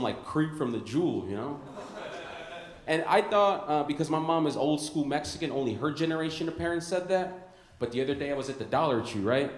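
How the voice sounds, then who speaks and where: A young man from Chicago doing a stand-up comedy set on a club stage, animated, laughing at his own lines and calling people "bro" and "dude.". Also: medium pitch. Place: comedy club stage before a live audience. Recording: roomy club sound.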